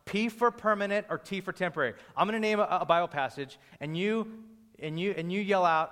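Man, pastor, casual sermon, slightly high voice, long hall reverb. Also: fairly quick, fairly bright tone. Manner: conversational, joking with the congregation. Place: church hall.

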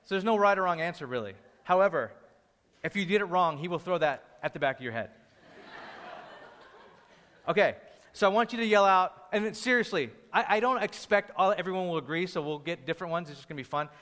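A man's voice: sits high, expressive, fairly quick, sharp tone. A man preaching a sermon, conversational and joking with the congregation. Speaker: pastor. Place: church hall. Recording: long hall reverb.

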